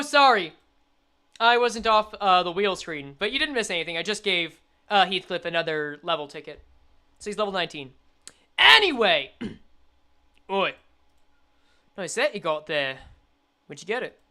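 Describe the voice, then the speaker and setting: A young woman streaming a game, chatting and reading the story aloud, animated and quick to laugh. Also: mid-range voice, clear, resonant tone.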